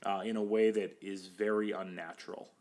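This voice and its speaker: With a fairly low voice at normal speed, a young counselor appears as a podcast guest and talks through his work in a relaxed chat. His speech is full of "like" and "you know," and he occasionally acts out the voices of people he's quoting.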